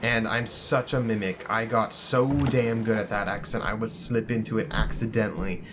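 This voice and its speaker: A man's voice: fairly low pitch, little pitch movement, normal speed, noisy background. A man hosting a gaming channel, giving casual let's-play commentary in a jokey, rambling, self-deprecating way. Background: game music.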